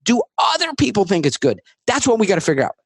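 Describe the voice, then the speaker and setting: A man talking as a guest on a podcast interview, emphatic and rapid-fire, acting out his sales talk. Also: high-pitched, wildly swooping pitch, a bit bright, breathy edge, no echo.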